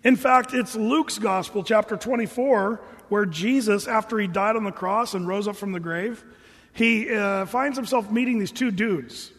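Man, pastor, casual sermon, high voice, husky, echo of a big hall. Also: moderate pace. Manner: casual, animated storytelling with voiced quotes. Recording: reverberant hall.

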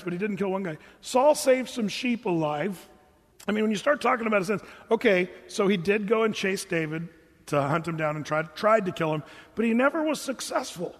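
A man's voice: sits high, big-room sound. A man preaching as a pastor, talking conversationally, asking rhetorical questions and acting out quotes. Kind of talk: sermon.

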